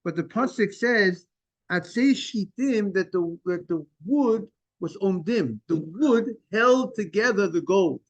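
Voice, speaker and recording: A man teaching a Talmud class in a casual, halting way, repeating words and restarting sentences while greeting students. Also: high-pitched, expressive, highs cut off. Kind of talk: informal Talmud lesson.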